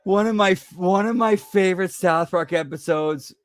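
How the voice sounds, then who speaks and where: A man's voice: sits high, moderate pace, dry recording. A man hosting a casual stream chat, rambling and swearing, correcting himself as he goes. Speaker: stream host.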